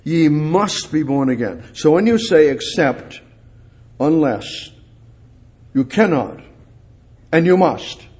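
A man preaching a sermon, explaining Bible verses with emphatic repetition and rising, forceful peaks. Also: fairly high pitch, lively intonation, slow pace, pauses often, slightly rough.

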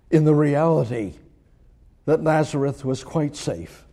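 Mellow-voiced man preaching a sermon. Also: fairly high pitch, a little slow. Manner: conversational preaching with rhetorical questions and chuckles; swings from emphatic to hushed.

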